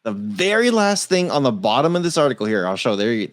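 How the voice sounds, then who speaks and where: A man's voice: medium pitch, very animated, quick pace, dry recording, clean studio sound. A man co-hosting a tech-news podcast, chatting casually, joking and cursing freely. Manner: loose, joking, laughs often, swears. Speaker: podcast co-host.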